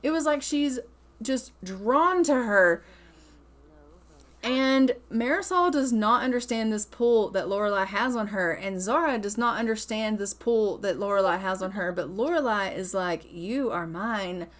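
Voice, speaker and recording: Excitable woman narrating a game. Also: a little high, measured pace. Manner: excitable, exclaiming, gossipy. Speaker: let's-play narrator. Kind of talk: casual gameplay commentary.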